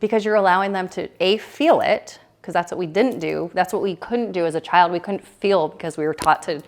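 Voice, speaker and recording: In a retreat room, a woman in her thirties addresses a small group casually, her slightly low voice carrying a gravelly, creaky edge. She talks fairly quickly, and her delivery is loose and rambling, packed with fillers and restarts.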